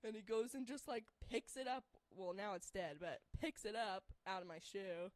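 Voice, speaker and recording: A woman's voice: mid-range voice, moderate pace, no room sound. A young woman telling a story casually, rambling and filling her talk with "like". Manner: rambling, heavy use of "like", laughs through the story.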